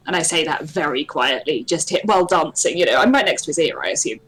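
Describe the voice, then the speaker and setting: A woman's voice: low-pitched, animated, fast talker, few pauses, fairly bright tone, husky. A woman playing her character in a tabletop game, talking casually and playfully and swearing freely. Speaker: player.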